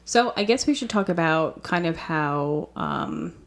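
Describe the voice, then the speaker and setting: An American woman co-hosting a podcast in a relaxed, chatty way, laughing easily. Her voice sits a little low for a woman. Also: a little slow, vocal fry. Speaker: podcast co-host. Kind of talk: casual podcast chat.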